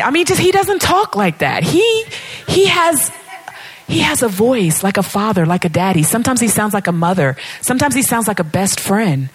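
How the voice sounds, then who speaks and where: A woman preaching a sermon in an animated, playful way, acting out conversations with God. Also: mid-range voice, normal speed, slightly rough.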